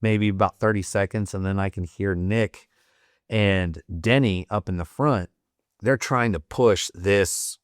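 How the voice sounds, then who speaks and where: A man's voice: low voice, clean tone, dry recording, studio quality. A man in his forties, a Marine veteran guest on a podcast, telling war stories in a blunt, profane, matter-of-fact way. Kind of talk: casual war storytelling.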